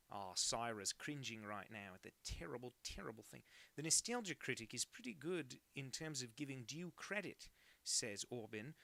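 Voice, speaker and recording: A young man, a cartoonist, streams himself drawing live, joking around and reading chat messages aloud into a home setup rather than a professional mic. His medium-pitched voice is creaky, bright, and forceful, and the recording is dry.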